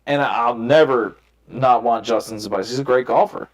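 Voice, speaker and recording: A man's voice: mid-range voice, normal speed. Young male podcast host, candid and profane, rambling storyteller, roomy echoey sound. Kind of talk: casual chat. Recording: roomy echo.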